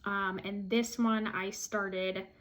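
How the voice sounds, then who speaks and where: A woman's voice: mid-range voice, flat delivery, slow pace, fairly bright tone. A woman vlogging casually to camera, chatty and self-deprecating, with frequent fillers and laughs. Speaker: flosstube vlogger.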